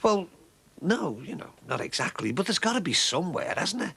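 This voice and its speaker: An actor playing a chatty, emotional shopkeeper in a soap opera. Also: male voice, sits high, very animated, fairly quick, vocal fry, a bit bright, breathy edge, exaggerated voice. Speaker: shopkeeper raising money for his sick brother.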